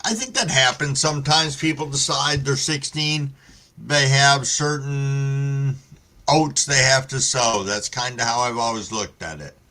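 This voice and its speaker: A man's voice: medium pitch, unhurried, pushed and bright. A man hosting a casual live stream, telling stories in a laid-back way with lots of swearing and greeting viewers by name. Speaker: livestream host reading chat.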